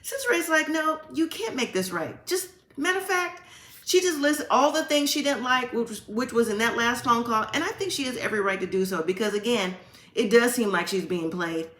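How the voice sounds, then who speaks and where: Recapping reality TV, this host talks briskly in a slightly high, somewhat bright voice that sounds reverberant. She narrates scenes like a chatty storyteller, performing the quotes with "like" and "you know."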